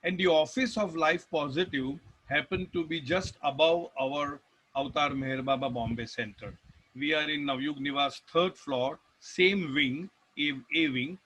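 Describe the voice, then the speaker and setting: A man's voice: on the high side, moderate pace, a bit bright, husky, rough recording. A man with an Indian English accent giving a rambling spiritual talk, telling stories with restarts and emphatic lists. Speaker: devotional speaker.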